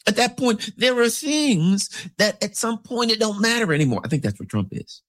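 A man's voice: normal speed, no echo, clean studio sound. A man giving a rambling, casual commentary monologue, acting out the people in his stories. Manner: rambling, animated, swoops into big pitch jumps; acts out characters in anecdotes.

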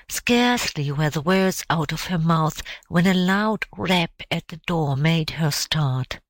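A woman narrates an audiobook at a slow, measured pace. Her voice sits fairly low and expressive. The sound is dry and close. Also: no echo, rough recording. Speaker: audiobook reader.

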